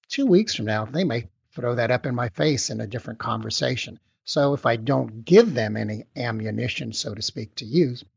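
A man's voice: medium pitch, gravelly, breathy edge, no echo. A middle-aged man giving a live webinar lecture in a conversational way, often checking in with his listeners. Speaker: webinar presenter. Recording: muffled, lo-fi webinar audio.

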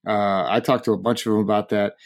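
A man hosting a sports talk show, relaxed and quick to laugh. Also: fairly low pitch. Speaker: host. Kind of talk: casual sports chat.

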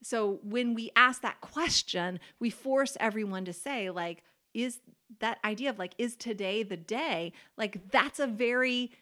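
A woman's voice: a little high, a little slow, a bit bright. A woman co-hosting a casual faith podcast conversation, chatty, full of "like" fillers and easy laughter, leaning hard on key words. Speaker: podcast co-host.

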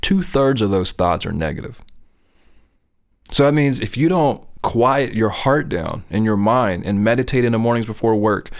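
A man's voice: on the low side, lively intonation, moderate pace. Earnest middle-aged man talking faith. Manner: earnest, conversational, often asks "you know what I'm saying?". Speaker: speaker on faith. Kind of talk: casual faith talk.

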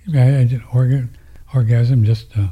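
Man with a dark, husky voice. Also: mid-range voice, fairly even intonation, normal speed. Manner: rambling, with frequent restarts and drops into near-whispers. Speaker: host answering viewer questions. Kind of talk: casual monologue.

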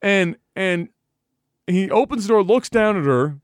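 A man with a somewhat high voice tells a story in casual podcast chat, swearing freely and laughing as he goes. The sound is dry and close, with no room around it. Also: a little slow, dry recording. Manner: profane, animated storytelling with laughter. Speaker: podcast co-host.

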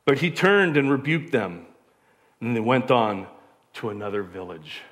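A pastor, preaching a conversational sermon full of rhetorical questions. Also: male voice, medium pitch, sing-song, unhurried, a bit bright.

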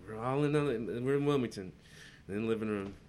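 A man's voice: quick pace, slight background noise. A young man on a podcast telling rowdy stories in a casual chat, acting out the people in them. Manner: animated storyteller, jumps into high voices when quoting people. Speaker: podcast host.

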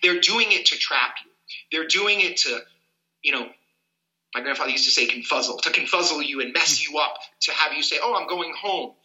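Earnest man explaining legal rights, bright voice. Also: on the high side, a little fast, echoey room, dull audio. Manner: earnest, animated explainer who acts out little scenes. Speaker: civil rights attorney, guest.

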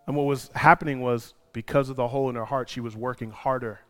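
A male pastor preaching a sermon, moving from quiet personal storytelling to loud, impassioned preaching. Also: medium pitch, steady tone, quick pace, soft background music.

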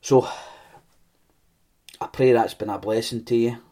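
A man's voice: mid-range voice, steady tone, unhurried, dark tone. A man with a Scottish accent preaching a sermon, earnest and reflective, often repeating and restarting phrases as he reads aloud. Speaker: pastor.

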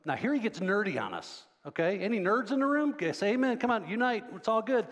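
A man's voice: high voice, very animated, brisk, hardly any pauses. A man preaching a sermon in a conversational way, often asking the congregation questions. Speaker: pastor. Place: church sanctuary. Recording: long hall reverb.

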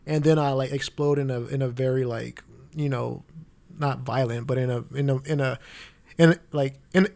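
Chill young dude on a podcast, average-pitched voice, keeps restarting his sentences. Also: fairly even intonation, normal speed, vocal fry, a little mellow. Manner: laid-back, reactive, trails off in restarts. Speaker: podcast co-host. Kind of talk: casual chat.

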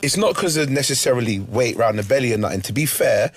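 Laughing man with lively pitch. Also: fast talker, breathy edge, no room sound. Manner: laughing, storytelling, slangy. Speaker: podcast co-host. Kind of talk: casual banter.

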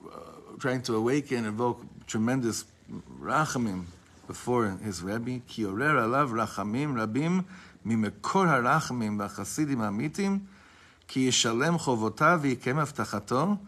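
A man teaching a class, reading passages slowly and retelling them with rising feeling, with casual asides and frequent restarts. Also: medium pitch, expressive, a bit bright. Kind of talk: storytelling lesson.

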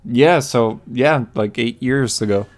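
A man co-hosting a podcast, eagerly recapping a comic issue and playing out the characters' lines in a raised voice. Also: slow. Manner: excited retelling, acts out character lines in a higher voice. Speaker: podcast co-host. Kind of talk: casual comic book chat.

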